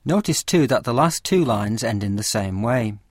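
A man reading a scripted lesson with a measured, careful explanatory delivery. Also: mid-range voice, lively intonation, background noise. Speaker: teacher of poetry. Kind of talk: scripted lecture narration.

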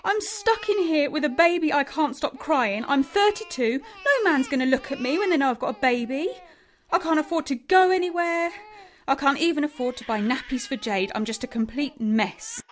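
A woman's voice: high-pitched, lively intonation, moderate pace, slight background noise. An actress playing a desperate young mother buried in debt, crying and swearing in frustration. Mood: bitter crying. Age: 30s. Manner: tearful, swearing, exasperated. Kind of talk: scripted educational drama.

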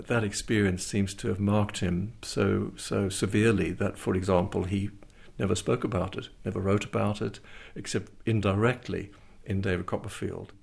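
A man's voice: lowish voice, vocal fry, breathy edge. An older man, a retired literature professor, speaking thoughtfully with some hesitations. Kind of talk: interview commentary.

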